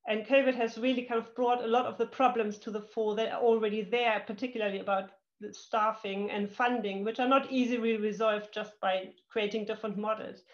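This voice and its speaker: A woman giving a thoughtful, measured webinar presentation over a video call. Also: fairly high pitch, steady tone. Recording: dull lo-fi call audio.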